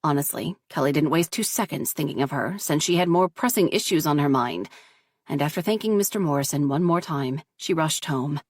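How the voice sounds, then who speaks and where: A woman reading a story aloud in steady, measured audiobook narration. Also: deep voice, no room sound, studio quality.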